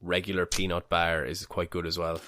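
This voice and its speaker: Very low-voiced dude on a podcast, deadpan jokes, dry close sound. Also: male voice, normal speed, no room sound. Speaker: podcast co-host. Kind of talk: casual banter.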